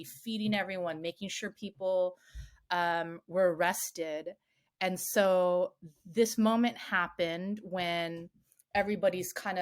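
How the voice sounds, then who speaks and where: A woman, a self-defense coach on a podcast, tells a story in a lively, casual way, swearing freely and filling her speech with "like". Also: on the low side. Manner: animated, swears freely, many "like" fillers.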